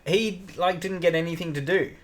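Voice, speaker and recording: A man's voice: sits high, steady tone, moderate pace. A man co-hosting a podcast, giving dry, blunt opinions in casual chat. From Australia. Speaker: podcast co-host.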